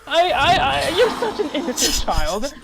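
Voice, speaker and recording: A man's voice: extremely high pitch, huge pitch swings, moderate pace, gravelly, a loud crowd, full character voice. A man voicing a grandiose, scheming villain mayor with hammy evil laughter. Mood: gloating.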